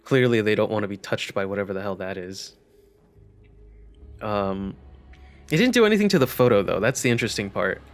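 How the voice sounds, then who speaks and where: A man's voice: lowish voice, lively intonation, a little fast, pauses often. Young man, let's-play commentary, wry jokes, thinking aloud. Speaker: gaming channel host.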